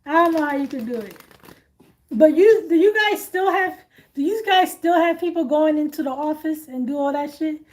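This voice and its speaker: A woman hosting a casual chat, animated and blunt, laughing often. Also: sits high, normal speed, a little hiss or hum. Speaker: host.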